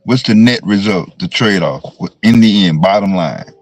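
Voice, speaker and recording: A man co-hosting a casual livestream chat, talking in an animated way and asking questions. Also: on the low side, normal speed. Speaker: co-host.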